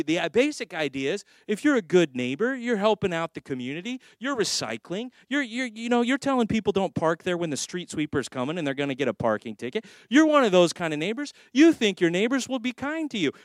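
A man's voice: high-pitched, big pitch swings, fairly quick, no room sound, studio quality. A middle-aged man preaching a sermon as pastor, chatty and conversational, slipping into acted voices and asides.

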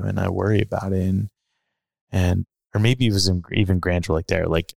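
A man with a deep voice that has a rough, creaky edge tells a personal story on a podcast. He talks in a casual, musing way, full of fillers and restarts. The sound is dry and close, with no room around it. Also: flat delivery, fairly quick, no echo. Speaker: podcast speaker.

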